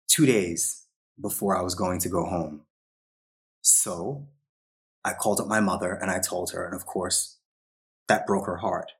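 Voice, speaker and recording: A man with a very low, deep voice tells a personal story as a podcast guest. He talks casually and slips into short quoted lines from the people in his story. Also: flat delivery, normal speed, fairly bright tone. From New York. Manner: quotes others in short acted asides.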